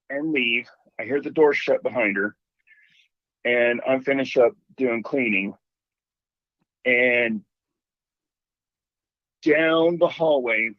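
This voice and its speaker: A man calling in to a show and telling a ghost story in an animated way, acting out the voices he quotes. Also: mid-range voice, no room sound. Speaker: caller. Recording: dull phone line.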